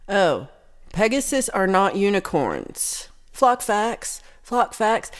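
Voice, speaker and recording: A woman's voice: mid-range voice, very animated, slow pace. A woman hosting a casual livestream chat, reading viewer comments aloud and reacting with giggles and chatty asides. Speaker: livestream host.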